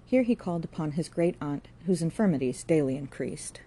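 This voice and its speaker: A woman with a low voice reads a classic novel aloud in a measured, steady way. Her tone is dark and mellow, and her pacing is even and unhurried. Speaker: audiobook narrator. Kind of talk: scripted narration of a classic novel.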